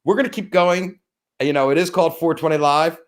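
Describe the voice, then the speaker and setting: A man's voice: a little high, a little fast. Rambling man hosting a live stream. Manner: rambling, thanks viewers by name and plugs sponsors. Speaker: host of a live-stream show. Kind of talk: casual live-stream chat.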